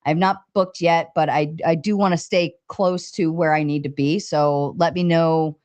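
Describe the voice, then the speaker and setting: Woman livestream host, excitable and foul-mouthed, reads chat aloud with big pitch jumps. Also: unhurried. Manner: excited, swears freely, pitch jumps when reading chat. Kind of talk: casual livestream talk, reading chat aloud.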